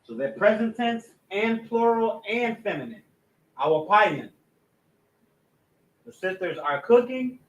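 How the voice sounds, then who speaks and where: A man teaching a language lesson, writing on a board, slowly sounding out words and correcting his own mistakes aloud. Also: very high voice, expressive, reverberant. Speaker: class teacher. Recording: dull lo-fi room recording.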